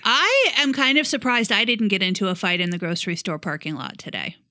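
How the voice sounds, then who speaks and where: A woman's voice: mid-range voice, sing-song, a little fast, sharp tone, no echo, clean studio sound. A woman co-hosting a podcast, telling a story bluntly in casual chat with plenty of swearing. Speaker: podcast co-host.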